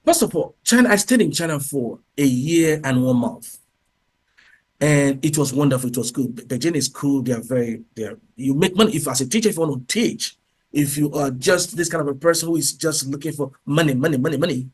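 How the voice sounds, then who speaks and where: A man's voice: on the high side, brisk, breathy edge. A man speaking as a guest in an interview, talking emphatically and peppering his answers with "you know" and "okay". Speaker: guest speaker, English teacher.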